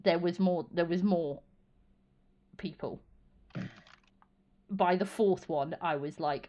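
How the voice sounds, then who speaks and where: A woman hosting a casual podcast chat, animated and swearing freely as she acts out exchanges. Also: lowish voice, slow, long pauses, muffled recording. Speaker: podcast host.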